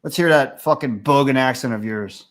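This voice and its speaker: A man's voice: medium pitch, moderate pace, a bit bright. A man hosting a livestream, ranting casually with crude, profane mockery. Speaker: livestream host.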